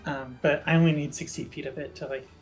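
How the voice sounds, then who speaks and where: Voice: medium pitch, fairly even intonation, fast talker, soft background music. A player in a tabletop game talking casually and hesitantly, with many fillers.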